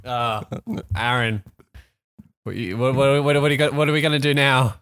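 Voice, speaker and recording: A man with an Australian accent co-hosting a casual podcast chat while taste-testing snacks, animated and laughing. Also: normal speed, gravelly, clear, resonant tone. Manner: animated, laughing, lively pitch swings. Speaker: podcast co-host.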